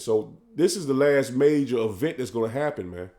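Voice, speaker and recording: A man preaching, tagging "man" onto his lines and reading scripture slowly and loudly. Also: medium pitch, lively intonation. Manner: fervent, says "man" after nearly every line; reads verses slowly and loudly. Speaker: street preacher.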